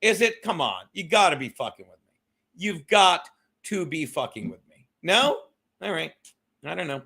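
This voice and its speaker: This livestream host rambles loosely from his home setup, profane and casual, addressing his viewers directly. His voice is fairly high with lively intonation, gravelly, pushed, bright and slightly rough, at a moderate pace.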